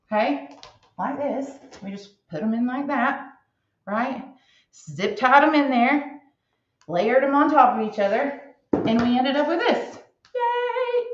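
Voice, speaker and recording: Middle-aged woman craft instructor, chatty and folksy, mid-pitched, echoey dull room sound. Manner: chatty, rambling, folksy, says "hon" and "right?". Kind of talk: casual craft demonstration.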